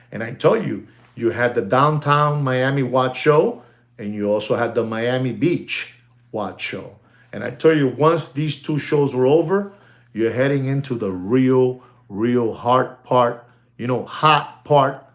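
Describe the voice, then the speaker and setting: A middle-aged man giving casual, animated commentary on the watch market, peppering his talk with "you know" and the odd Spanish phrase. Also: medium pitch. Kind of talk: casual talking-to-camera commentary.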